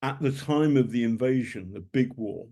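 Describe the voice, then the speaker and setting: Fields: Voice: British man. Delivery: emphatic, dry humor, mellow tone. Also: medium pitch, moderate pace. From Britain. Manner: emphatic storytelling with dry humor, frequent ums. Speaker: guest speaker, journalist. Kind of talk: talk to students over a video call. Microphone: video call.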